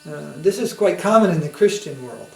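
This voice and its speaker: Speaking with a fairly high, creaky voice and lively intonation at a moderate pace, a swami tells stories in a conversational spiritual lecture. He uses tag questions and asks his listeners to follow along, and the recording is roomy with a faint hum.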